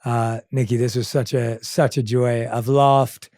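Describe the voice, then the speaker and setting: Calm man hosting an interview. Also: mid-range voice, unhurried, dry recording, studio quality. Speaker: podcast host. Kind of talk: interview questions and thanks.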